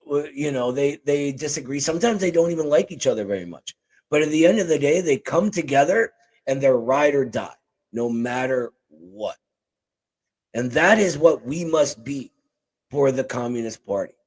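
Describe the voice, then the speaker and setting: A man hosting a casual political talk show at his desk, animated and joking, speaking into a boom-arm microphone. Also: moderate pace, poor audio. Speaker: show host. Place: home desk. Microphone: boom-arm desk mic.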